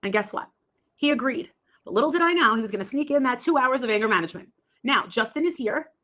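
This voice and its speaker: A woman's voice: fairly high pitch, expressive, fast talker, a bit bright. A woman telling a long story in a rambling, casual way, acting out the voices of the people in it. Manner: rambling, acts out quoted voices. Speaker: livestream host telling a story.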